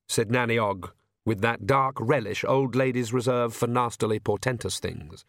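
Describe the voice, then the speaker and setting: A male narrator reading a comic fantasy audiobook with measured, wry timing. His voice sits at an ordinary male pitch, and the recording is dry and close. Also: a bit bright, no echo. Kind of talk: scripted narration.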